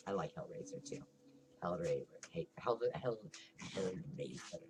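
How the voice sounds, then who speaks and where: A man's voice: sits low, lively intonation, unhurried. A man co-hosting a casual podcast chat, rambling and laughing as he loses his place. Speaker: podcast co-host. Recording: noisy room ambience.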